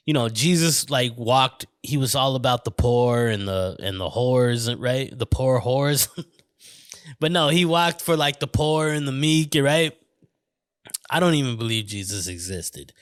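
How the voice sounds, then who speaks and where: Recorded dry in studio quality, a man with a mid-range, fairly bright voice hosts a podcast. Hailing from the American Southwest and slightly drunk, he curses, trips over his words, and drifts off on tangents in a casual monologue.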